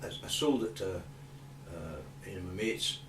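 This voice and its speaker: A man's voice: sits low, unhurried, background noise. A Scottish man in his sixties, a guitar builder telling rambling stories with many restarts in a casual interview. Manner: rambling, animated anecdotes with frequent restarts. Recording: roomy, distant mic, faint ambience.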